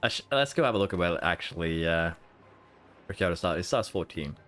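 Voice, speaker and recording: A man with a very low voice chats casually to his stream viewers, rambling and restarting his sentences as he thinks aloud. He is trying to hold in hiccups. Soft music plays faintly behind him. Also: expressive, a little fast. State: hiccuping and holding them in. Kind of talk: casual live-stream commentary.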